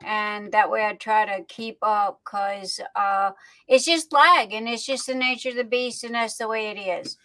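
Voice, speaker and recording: A woman hosting a casual livestream, greeting viewers by name in a chatty way with lots of drawn-out fillers. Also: on the high side, pushed and bright, no echo, rough recording. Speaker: livestream host. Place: home streaming setup.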